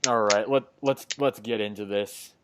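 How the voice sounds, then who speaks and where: A man's voice: lowish voice, steady tone, moderate pace, fairly bright tone, clean tone. A man hosting a casual comic book podcast, recapping an issue with many fillers and acted-out quotes. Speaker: podcast host.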